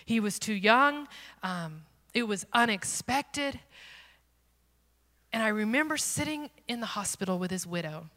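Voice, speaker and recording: A woman giving an earnest, self-deprecating testimony as a missionary speaker, swinging from loud to hushed. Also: medium pitch, expressive, measured pace. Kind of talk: personal testimony sermon. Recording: long hall reverb.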